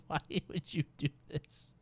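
A man streaming as he reacts to viewer clips and scores them, laughing often and swearing freely with loud exclamations. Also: slow pace, no echo, studio quality. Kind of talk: casual reaction commentary. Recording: background noise.

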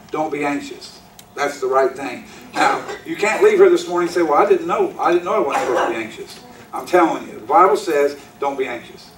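A man's voice: on the high side, a little hiss or hum. A man preaching a sermon as pastor, driving his points home with repetition and direct questions to the congregation. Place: church sanctuary. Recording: echoey hall, mic from a distance.

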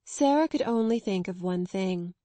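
A woman reading a classic children's novel aloud in measured, expressive narration. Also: medium pitch, dry recording. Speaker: audiobook narrator. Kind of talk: scripted narration.

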